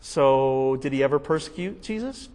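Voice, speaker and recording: A man teaching a Bible study class in a conversational, animated way, asking many rhetorical questions. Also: medium pitch, normal speed, in a large hall.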